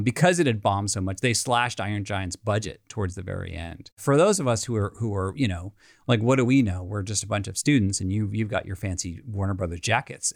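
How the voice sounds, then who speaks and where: An excitable middle-aged man recalls his years in animation in a loose interview. His pitch leaps and dips all over as he talks, full of restarts and fillers. The sound is dry and close. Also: no room sound. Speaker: animator guest. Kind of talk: casual interview storytelling.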